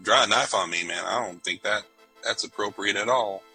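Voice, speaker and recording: A man playing a tabletop game in character, talking in a halting, casual drawl. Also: on the low side, bright, forceful tone, breathy edge, soft background music, poor audio. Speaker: player.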